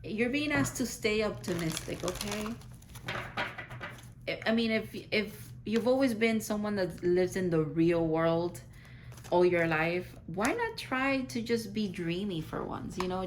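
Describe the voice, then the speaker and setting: A woman's voice: medium pitch, unhurried, noisy background. A woman giving a casual, rambling tarot reading to her viewers, full of "like" fillers and effusive reassurance. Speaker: tarot reader.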